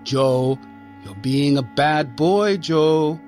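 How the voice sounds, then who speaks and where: A man voicing a gentle, chatty young nun who speaks in a bright, coaxing way in a storybook reading. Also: fairly high pitch, animated, drawn-out words, soft background music.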